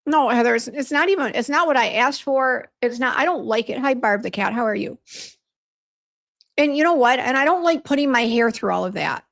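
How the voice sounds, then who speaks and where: A fairly quick, somewhat bright voice on the high side, with vocal fry, belongs to a beauty brand owner hosting a livestream. She vents about a bad hair appointment while reading comments and greeting viewers by name, her speech full of fillers and restarts.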